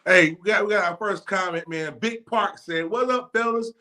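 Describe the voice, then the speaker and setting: A man hosting a live talk show, talking in a high-energy, slangy, hype-man way. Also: normal speed, pushed and bright. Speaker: talk show host and stadium announcer. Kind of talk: hyped casual live talk.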